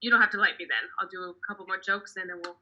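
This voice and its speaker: A woman's voice: medium pitch, steady tone, rapid-fire, muffled recording. A young woman performing a stand-up comedy set over a video call, chatty and self-deprecating, often laughing at her own jokes.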